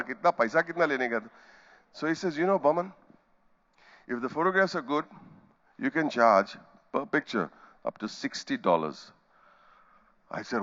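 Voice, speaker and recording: A middle-aged man with an Indian English accent gives a storytelling keynote from a conference hall stage. His mid-range voice has a fairly bright tone, though the audio is dull. He acts out scenes with sound effects and quoted voices.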